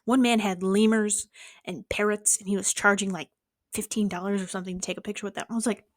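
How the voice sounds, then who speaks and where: A woman's voice: quick pace, dry recording, studio quality. A young woman in her bedroom telling a casual storytime vlog to camera, swearing freely and acting out what people said with sudden jumps in her voice. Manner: animated, swearing, acting out quotes with big pitch jumps. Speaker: vlogger.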